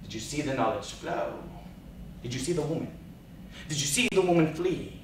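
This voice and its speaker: A male speech and debate competitor gives a dramatic oral interpretation of poetry in a large event hall, his fairly high, expressive voice moving slowly from hushed to soaring. The echoey recording was made from far off, with faint room hiss behind.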